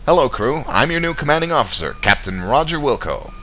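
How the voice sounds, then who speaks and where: A man's voice: medium pitch, big pitch swings, brisk, bright, forceful tone, soft background music, voice pushed up. A man voicing an eager, pompous starship captain in a video game, giving a grand speech full of slogans. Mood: rousing.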